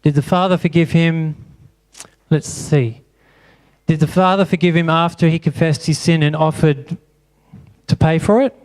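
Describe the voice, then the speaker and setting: A man's voice: on the high side, fairly even intonation, moderate pace, darkish tone. A man preaching a sermon in church, asking the congregation question after question. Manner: asks the congregation many rhetorical questions. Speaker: pastor.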